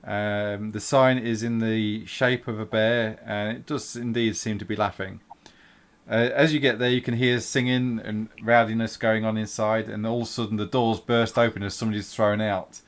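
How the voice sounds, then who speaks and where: Halting man running a tabletop game. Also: lowish voice, steady tone. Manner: halting, with many fillers and restarts. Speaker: game master.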